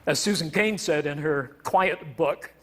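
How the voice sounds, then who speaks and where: A man's voice: a little high, unhurried, a bit bright, husky. A man from Canada, a professor, giving a humorous stage talk in a wry, self-deprecating way with playful word choice. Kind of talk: humorous public lecture.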